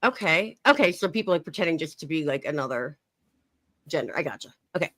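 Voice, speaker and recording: A young woman streamer talks casually and laughs often as she reads out chat messages, her low voice swinging widely in pitch. She sounds relaxed and easygoing with her audience. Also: fast, dry recording.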